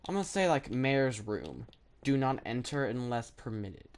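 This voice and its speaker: Woman gaming creator: low voice, very lively melody, chatty commentary full of fillers. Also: moderate pace. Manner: chatty and excitable, thinks aloud with many fillers. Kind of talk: rambling gameplay commentary.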